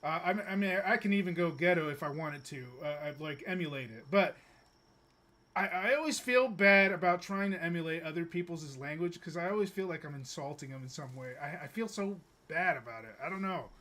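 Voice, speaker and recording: A young American gaming streamer talks fairly quickly in a sharp, highish voice. He chats loosely while playing, restarting with stammers and chuckling along the way.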